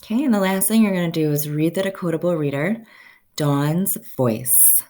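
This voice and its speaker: A woman teaching a first-grade phonics lesson, slowly stretching out each sound so children can say the words with her. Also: lowish voice, dark tone.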